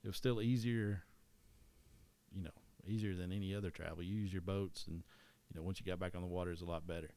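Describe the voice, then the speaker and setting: With a deep voice and an East Tennessee Southern accent, a man chats casually about history as a podcast co-host would, rambling, restarting sentences and correcting himself along the way. His tone is steady and dark, and he speaks quickly.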